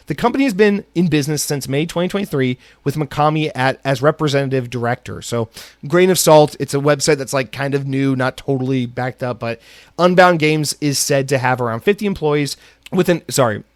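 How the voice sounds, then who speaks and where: A man's voice: medium pitch, no room sound, clean studio sound. A man hosting a solo podcast, ranting angrily with lots of swearing and then reading news. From United States. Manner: angry, profane ranting with swearing. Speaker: podcast host.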